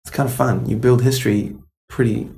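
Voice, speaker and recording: A man's voice: medium pitch, steady tone, brisk, creaky, mellow. A man from New Zealand with a New Zealand accent, a guest musician telling stories in a loose, rambling way. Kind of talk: interview conversation.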